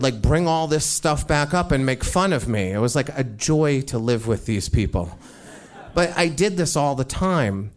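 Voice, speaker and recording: A man telling a first-person story in a casual, conversational way, acting out the dialogue he quotes. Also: medium pitch. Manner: conversational, informal, frequent "like" fillers; acts out quoted dialogue in his retelling.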